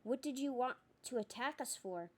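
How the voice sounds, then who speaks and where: A woman's voice: high voice, expressive, normal speed, voice pushed up. A woman voicing an indignant teenage boy wizard.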